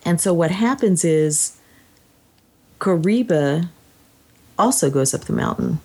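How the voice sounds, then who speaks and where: A woman's lowish, breathy voice moves slowly as she co-hosts a relaxed book discussion. She reflects on a story she's read, sometimes reading bits of it aloud and becoming animated as she quotes.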